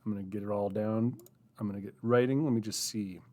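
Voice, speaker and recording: This writing group host's fairly low voice is steady and darkish, moving fairly quickly. During the live-stream writing session he types while thinking aloud, rambling casually and being self-deprecating.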